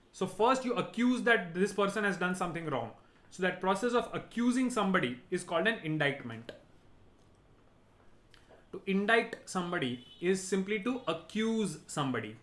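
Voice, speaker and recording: High-voiced man teaching. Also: a bit bright. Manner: explanatory, repeats key words, ends points with "right?". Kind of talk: vocabulary lesson.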